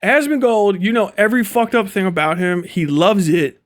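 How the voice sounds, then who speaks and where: His voice sits high and his pace is moderate as this young Ohio man goes off on a livestream. The rant is full of profanity, and he keeps cracking himself up with his own jokes.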